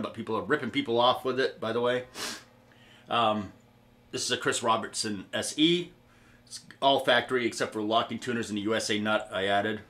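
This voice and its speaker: A man's voice: mid-range voice, sharp tone. A man hosting a guitar pedal demo vlog, talking in a profane, rambling, jokey way. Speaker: gear demo host. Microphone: guitar-cab recording setup, camera mic.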